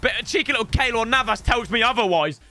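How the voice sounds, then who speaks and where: A young man giving chatty, rambling commentary while opening game packs, bursting into shouts at good pulls. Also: very high voice, animated, fast, soft background music. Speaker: gaming YouTuber. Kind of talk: excited pack-opening commentary.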